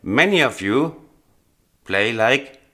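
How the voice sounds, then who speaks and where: A man teaching a blues piano lesson, explaining earnestly and with emphasis, pausing with small hesitations. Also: mid-range voice, animated. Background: faint piano playing.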